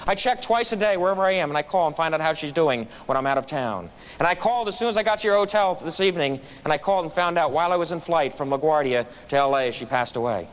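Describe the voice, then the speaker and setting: A man's voice: a little high, fast talker, few pauses. A middle-aged man giving a storytelling speech at a club meeting, acting out the people in his story. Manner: animated, acts out quoted voices. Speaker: guest speaker at a club meeting. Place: meeting room.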